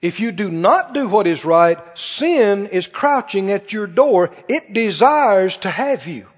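High-voiced animated preacher in echoing hall. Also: male voice, slow pace, slightly rough. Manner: animated, rhetorical questions to congregation. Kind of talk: sermon. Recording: muffled sound with long hall reverb.

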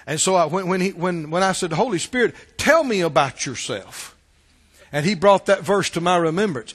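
High-voiced preacher man in a reverberant hall. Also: expressive, normal speed, slightly rough. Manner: emphatic preaching, swells to shouts and drops to hushed asides. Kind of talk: sermon.

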